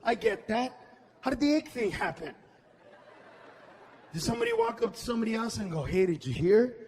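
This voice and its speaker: High-voiced, shouting stand-up comedian man. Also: huge pitch swings, fairly quick, long reverb tail, a little hiss or hum. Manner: loud, shouting punchlines, mocking voices; drops Spanish words into English. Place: comedy stage before a live audience.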